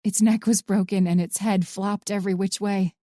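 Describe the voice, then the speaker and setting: Guilt-ridden young fbi woman, soft and hesitant, mellow dark voice, read by an audiobook narrator. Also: mid-range voice, steady tone, moderate pace, dry recording, studio quality, lightly acted. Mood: fond.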